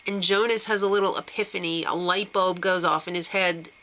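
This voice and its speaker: A woman's voice: lowish voice, fairly even intonation, fairly quick, sharp tone, rough recording. A woman hosting a casual reality-TV recap, talking in a gossipy, snarky way and giggling often. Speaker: show recap host.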